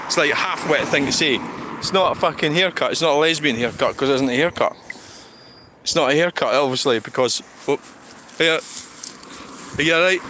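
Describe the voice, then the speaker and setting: A Scottish man streaming while he walks a town street, rambling and swearing as he answers viewers' comments. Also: a little high. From Scotland. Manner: rambling, sweary, talks back to chat. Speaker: livestreamer. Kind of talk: casual walking livestream chat. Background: street traffic noise.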